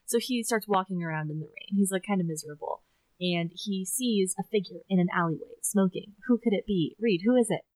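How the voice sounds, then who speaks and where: A woman co-hosting a podcast, recapping a story in animated casual chat, acting out quotes and laughing. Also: mid-range voice, a little fast, no echo, rough recording. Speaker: podcast co-host.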